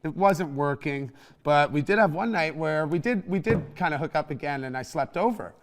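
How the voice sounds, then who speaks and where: Young man, host, slightly high voice, animated, swearing, laughing, casual storytelling. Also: moderate pace. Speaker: podcast host.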